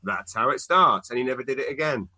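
Bright-voiced man telling rambling stories. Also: mid-range voice, quick pace, slightly rough, no echo. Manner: animated storytelling, lots of fillers and restarts. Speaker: podcast co-host. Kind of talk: casual chat. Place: home in Canada.

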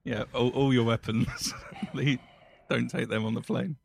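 A man co-hosting a comedy podcast in a studio, answering briefly with deadpan quips. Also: medium pitch, measured pace, vocal fry, husky. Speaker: podcast co-host. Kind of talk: casual comedic chat.

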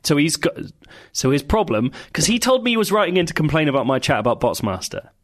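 A man co-hosting a podcast in casual chat, playful and enthusiastic in quick banter. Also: fairly high pitch, sing-song. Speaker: podcast co-host.

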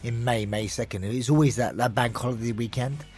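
Man, podcast co-host, mumbling, rushed, mid-pitched, faint music behind. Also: darkish tone. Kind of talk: casual podcast banter.

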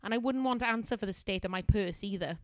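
A woman's voice: medium pitch, quick pace, no room sound, lightly acted. A woman voicing a chatty young female office temp in a put-on Welsh accent, confiding and talkative.

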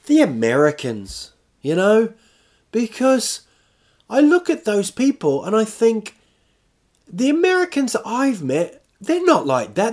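A man's voice: sits high, wildly swooping pitch, normal speed, a little mellow. A man rambling in casual, self-mocking chat as a podcast host, talking from home while recovering from illness.

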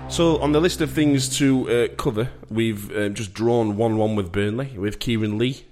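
A man's voice: mid-range voice, normal speed, a little mellow, soft background music. A man with a Yorkshire accent hosting a podcast, telling rambling jokey stories in casual chat. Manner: jokey, rambling storyteller with frequent laughs. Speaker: podcast host.

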